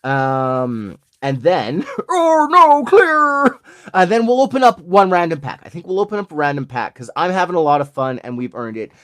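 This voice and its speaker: A man's voice: fairly high pitch, sing-song, fairly quick, hardly any pauses. A man in his forties from Alberta with an Albertan Canadian accent, hosting his channel and chatting jokily with viewers while opening card packs. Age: 40s. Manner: jokey, chatty, addresses viewers.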